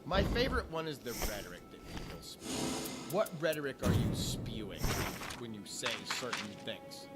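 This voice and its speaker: A man ranting in a casual vlog, swearing constantly and jumping between topics with animated energy. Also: mid-range voice, normal speed. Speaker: vlogger. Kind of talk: profane casual rant. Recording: clear music playing behind.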